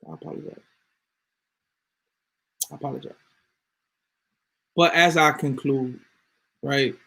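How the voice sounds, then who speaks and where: A man's voice: medium pitch, vocal fry, slightly rough. A man ranting casually to his viewers, emphatic and swearing freely. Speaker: vlogger. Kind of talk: casual rant to camera.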